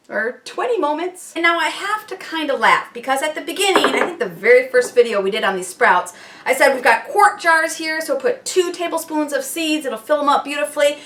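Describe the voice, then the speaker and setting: A woman's voice: high-pitched, lively intonation, fairly quick, a bit bright, far from the mic, slight background noise. A woman hosting a home cooking and homesteading video, chatting casually and upbeat with self-deprecating asides as she works in her kitchen. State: slightly out of breath at times. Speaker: homesteading channel host. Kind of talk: casual how-to demonstration.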